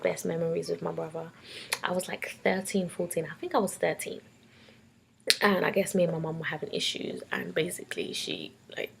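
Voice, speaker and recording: Husky London woman telling her story. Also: on the low side, a bit bright. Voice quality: husky and gravelly. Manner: tearful and laughing by turns, casual. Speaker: vlogger. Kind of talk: emotional personal storytelling.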